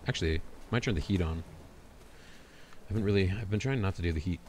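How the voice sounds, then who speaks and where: A man's voice: sits low, fairly quick, darkish tone, slight background noise. A man streaming a video game, chatting to himself in a goofy, joking way. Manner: goofy, self-talking, laughs at his own jokes. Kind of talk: casual gameplay commentary.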